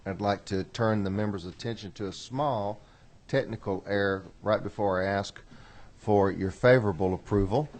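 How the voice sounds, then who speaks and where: A man chairing a legislative committee hearing, folksy and apologetic, reading bill text slowly and carefully. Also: fairly low pitch, a little mellow.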